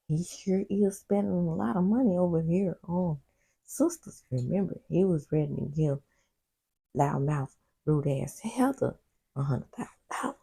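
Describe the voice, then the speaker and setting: Woman recapping a TV show, sassy, gravelly, husky, low-pitched, talks back at the screen. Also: lively intonation, normal speed, dark tone. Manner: shares personal side stories. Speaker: TV recap host. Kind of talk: casual show recap vlog.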